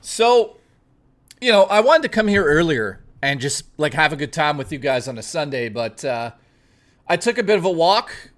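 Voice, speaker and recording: A man's voice: fairly high pitch, sing-song, moderate pace. A young man livestreaming, casually reading out viewer messages and riffing on them with plenty of swearing. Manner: loose, profane, reads viewer messages aloud and riffs on them. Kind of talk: casual live stream chat.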